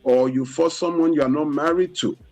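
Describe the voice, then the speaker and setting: A man's voice: on the high side, fairly even intonation, darkish tone, faint music behind, rough recording. Nigerian man explaining on radio. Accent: Nigerian English. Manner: deliberate, explanatory, peppered with "you know". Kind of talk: radio talk show explanation. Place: radio studio.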